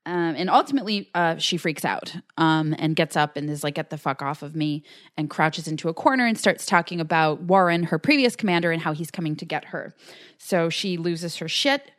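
A woman's voice: on the low side, brisk, no echo, studio quality. A woman co-hosting a podcast, casually recapping an episode and acting out quotes between fillers. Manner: recounts scenes with acted-out quotes, many fillers. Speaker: podcast co-host.

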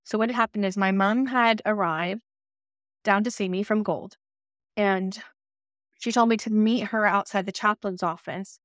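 A woman's voice: medium pitch, fairly even intonation, unhurried, a bit bright, dry recording. A woman speaking in a middle register on a podcast, her voice close and dry with no room around it. She shares a personal story in a candid, conversational way. She slips into the voices of people from her memories as she goes. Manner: candid and personal, acting out remembered dialogue. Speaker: podcast co-host.

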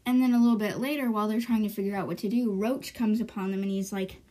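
Woman podcast host, casual book recap, filler-heavy and conversational, average pitch. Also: fairly even intonation, fast, dark tone. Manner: chatty, filler-heavy, lots of "like" and "you know".

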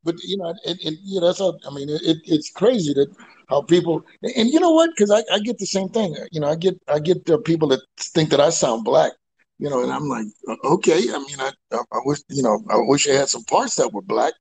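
A man hosts a loose comedy call-in podcast, talking from outdoors. His voice is gravelly and a bit husky, and his pitch swings widely. He stammers and repeats himself and bursts into loud laughs. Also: lively intonation, brisk, rough recording. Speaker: podcast host. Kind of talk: casual comedy chat.

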